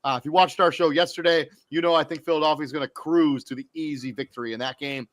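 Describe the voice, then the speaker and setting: A man's voice: on the high side, steady tone, fast talker, no echo. A man co-hosting a sports podcast, reading off fantasy football rankings in a loose, off-the-cuff way with fillers and self-corrections. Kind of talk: casual sports podcast talk.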